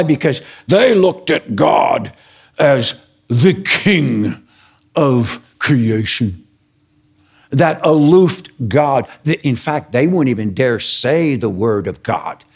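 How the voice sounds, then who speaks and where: A man's voice: medium pitch, a little mellow, slightly rough. An older man, a grandfather, preaching a sermon, telling stories and asking the congregation questions with frequent chuckles. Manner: storytelling, asks the congregation questions, chuckles often. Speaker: pastor.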